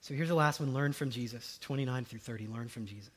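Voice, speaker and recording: A male pastor preaching a conversational sermon, swinging between loud emphatic lines and soft hushed ones. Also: mid-range voice, fast, few pauses.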